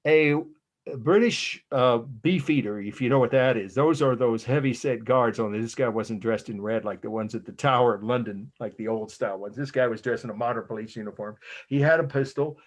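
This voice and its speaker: A man's voice: medium pitch, brisk. An older man with an American accent giving an art history lecture in a rambling, chatty way, full of fillers and restarts. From United States. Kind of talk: casual lecture with anecdotes.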